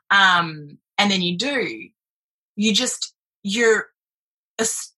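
A woman's voice: mid-range voice, expressive, takes it slowly, sharp tone, slightly rough. A woman, speaking candidly and earnestly as a guest, with casual swearing. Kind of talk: casual chat.

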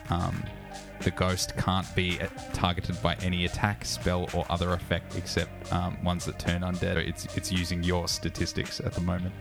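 Young man GM, deep voice, casual, fillers, music behind. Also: completely flat delivery, normal speed, gravelly, few pauses. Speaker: game master. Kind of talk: narrating a tabletop game.

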